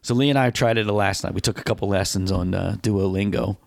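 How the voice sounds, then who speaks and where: A man's voice: lowish voice, a little fast, gravelly, no room sound, studio quality. A man co-hosting a casual podcast, telling rambling stories that break off and restart, with plenty of dad jokes. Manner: rambling, self-interrupting storyteller with dad jokes. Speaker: podcast co-host. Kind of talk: casual chat.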